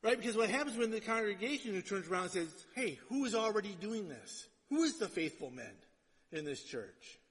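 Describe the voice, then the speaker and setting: A male pastor gives a casual, conversational sermon and keeps asking his congregation "right?" His voice sits high for a man. It rings with the long reverb of a large hall. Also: very animated, brisk, fairly bright tone, breathy edge.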